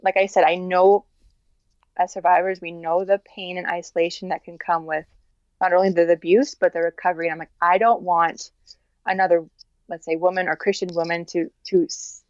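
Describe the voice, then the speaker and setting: A woman guest in a candid personal interview, speaking earnestly in halting restarts and many fillers. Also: lowish voice, no room sound, dull audio.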